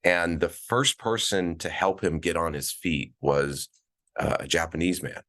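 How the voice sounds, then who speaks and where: Very deep-voiced man in his forties. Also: measured pace. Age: 40s. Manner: relaxed, storytelling, many fillers and restarts. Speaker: guest, events director. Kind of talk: casual interview chat. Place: at a conference, remote call.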